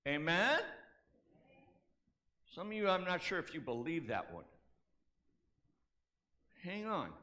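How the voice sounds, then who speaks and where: Guy preaching, kinda high voice, slow deliberate pace, gets folks to repeat lines back. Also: very animated, sharp tone. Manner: emphatic call-and-response, repeating key phrases; casual asides and self-corrections. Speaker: pastor. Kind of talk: sermon.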